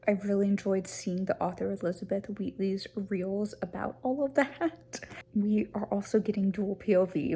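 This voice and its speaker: A woman's voice: medium pitch, dark tone, slightly rough. Young woman chatting about books. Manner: reads the synopsis aloud, then chats in an upbeat way. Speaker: high school teacher and book vlogger. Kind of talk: casual book review vlog with reading aloud.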